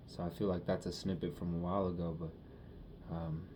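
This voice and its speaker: A young man talking through his feelings in a personal monologue, halting and rambling, with many fillers. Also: low voice, flat delivery, background noise.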